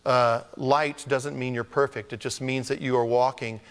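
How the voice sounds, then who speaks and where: A man preaching a conversational, jokey sermon as a pastor, often switching to high mock voices. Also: level tone, moderate pace, clear, resonant tone. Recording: long hall reverb.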